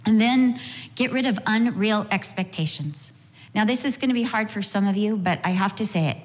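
A woman giving an earnest, storytelling talk on marriage, with touches of gentle humor, in sermon style. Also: mid-range voice, moderate pace, long reverb tail. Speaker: speaker at a marriage session. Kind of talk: sermon-style teaching with anecdotes.

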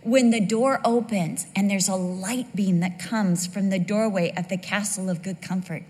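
A woman preacher delivering a sermon in an animated, joking way. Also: medium pitch, normal speed, long reverb tail.

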